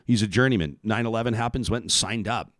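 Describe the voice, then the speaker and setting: A man's voice: fairly low pitch, fast, fairly bright tone, dry recording, clean studio sound. A man hosting a radio talk show, talking in a rambling, earnest way with many restarts.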